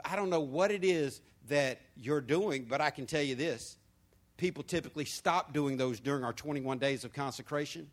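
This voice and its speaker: A man delivers a sermon from the pulpit, his voice sitting a little high for a man. He moves between quiet, confiding asides and sudden loud, emphatic points. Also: moderate pace. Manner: lively preaching with swings from soft to loud. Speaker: pastor.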